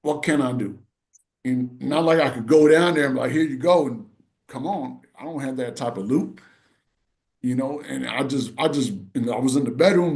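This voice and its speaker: A middle-aged man speaks in a casual podcast chat. He tells his story with heartfelt emotion and rambles, leaning on little check-ins with his listeners. His voice sits at an ordinary pitch for a man. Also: a little mellow. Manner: rambling, full of "you know" and "right". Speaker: podcast co-host.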